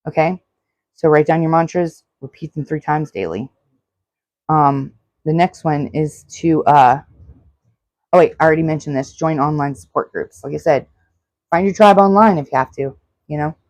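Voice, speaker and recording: A woman's voice: sits low, moderate pace, pauses often, darkish tone, no room sound. A woman in her forties hosting a solo self-help podcast, talking earnestly and repeating her advice. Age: 40s. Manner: earnest, repetitive, advice-giving. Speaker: podcast host.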